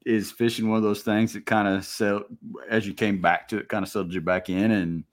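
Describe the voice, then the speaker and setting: A man's voice: on the low side, little pitch movement, a little fast. A man in his forties hosting a podcast, asking questions in a casual, joking way. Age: 40s. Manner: joking, laughs often. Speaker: podcast host. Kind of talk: casual chat.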